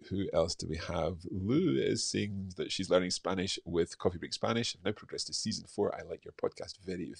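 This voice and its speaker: A man's voice: low voice, creaky, no echo. A man hosting a live podcast stream, chatting casually and reading out listener reviews, with many fillers and restarts.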